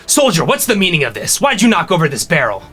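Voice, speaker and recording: A man's voice: high-pitched, huge pitch swings, quick pace, pushed and bright, faint music behind, heavily acted. Man doing a barking, short-tempered guard sergeant. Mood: annoyed. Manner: barking, demanding, repeats himself.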